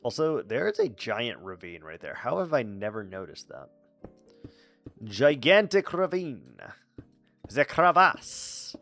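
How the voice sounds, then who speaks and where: A man streams a game while chatting casually, full of silly, playful asides and mutters. His medium-pitched voice is very animated yet measured in pace, with vocal fry, and faint music plays behind him.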